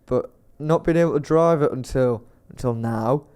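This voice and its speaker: A man's voice: mid-range voice, moderate pace, darkish tone, clear, resonant tone. A young man, telling long rambling stories on a podcast in a nervous, self-mocking way. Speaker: podcast co-host. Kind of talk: casual chat.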